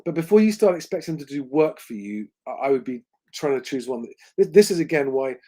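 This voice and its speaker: A man's voice: mid-range voice, animated, quick pace, mellow. Rambling man hosting a livestream. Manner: conversational, rambling, frequent ums and restarts. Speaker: host.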